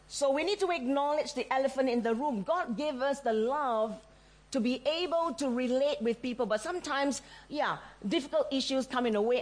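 A middle-aged woman preaches with a slightly high, darkish voice. She tells stories with animation, acts out the voices she quotes and laughs often.

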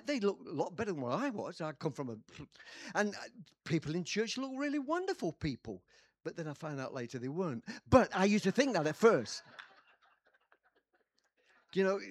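This older pastor from England, speaking with an English accent, delivers a sermon woven with his own stories, moving from hushed telling to sudden loud bursts. He has a high voice, and the recording is dry.

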